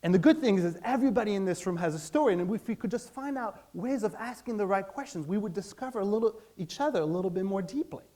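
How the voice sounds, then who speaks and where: A man speaks from a stage with lively energy, often turning to the crowd with questions. His voice sits on the higher side for a man, and he slips into quick acted snippets of everyday conversation. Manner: animated, acts out everyday dialogue in quotes; asks the audience direct questions. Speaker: speaker giving a talk. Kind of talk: public talk on stage.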